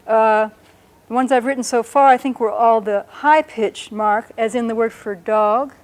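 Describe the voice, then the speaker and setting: A woman teaching a language lesson, explaining patiently and sounding out words slowly and carefully. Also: a little high, fairly even intonation.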